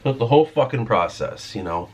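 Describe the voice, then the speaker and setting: A man's voice: mid-range voice, expressive, brisk, slightly rough. A man venting in a casual vlog about his writing and his job, rambling and swearing as he talks. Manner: frustrated, rambling, swears freely. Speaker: vlogger and writer.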